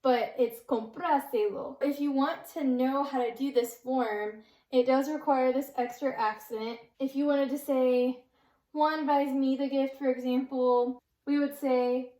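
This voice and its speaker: A woman's voice: sits high, steady tone, mellow. Patient young woman tutor, echoey room. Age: young adult. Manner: patient, step-by-step, slows down to spell out examples. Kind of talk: explanatory grammar lesson.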